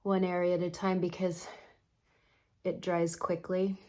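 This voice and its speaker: A woman's voice: fairly low pitch, flat delivery, measured pace, a little mellow. A middle-aged woman chatting through a makeup tutorial as a makeup artist, opinionated and talking while she works.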